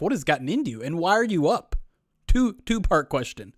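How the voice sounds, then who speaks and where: A man's voice: on the high side, sing-song, fairly quick, no room sound, studio quality. Chatty man rambling on a stream. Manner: rambling and chatty, often restarting sentences. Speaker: streamer host. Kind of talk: casual live-stream chat reading viewer comments.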